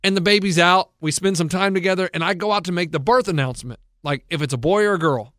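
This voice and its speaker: A man in his thirties telling an animated story in casual podcast banter, acting out quotes loudly. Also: high-pitched, fast, no echo, clean studio sound.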